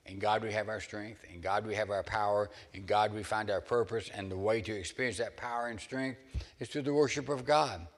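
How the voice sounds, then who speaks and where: A man's voice: on the low side, fairly quick. A man preaching a sermon as pastor, earnest, rising into dramatic scripture readings. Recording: long hall reverb.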